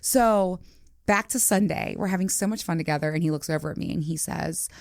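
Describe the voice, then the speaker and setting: Woman podcast host, forties, lowish voice, dry close sound, frank and chatty. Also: brisk, gravelly, a little mellow, no room sound. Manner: frank, explicit, chatty with many fillers. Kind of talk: candid casual chat.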